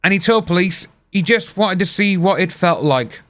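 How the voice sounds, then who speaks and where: A man's voice: sits high, expressive, moderate pace, a bit bright. A man chatting casually on a live stream, rambling and replying to his chat. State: hiccups. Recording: faint music behind.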